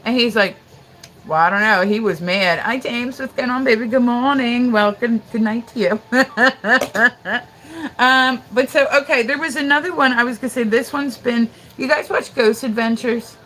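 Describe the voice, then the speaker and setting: A woman's voice: on the high side, moderate pace, fairly bright tone, low-quality recording. A woman livestreaming, chatting casually and swearing freely as she tells a story and thanks her viewers.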